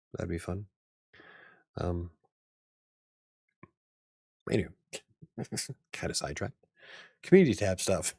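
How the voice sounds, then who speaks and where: Male host in his forties, very low gravelly voice, loose rambling chat with a dry, close sound. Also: a little mellow, no echo. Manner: rambling, chuckles often. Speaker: channel host. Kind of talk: casual live-stream chat.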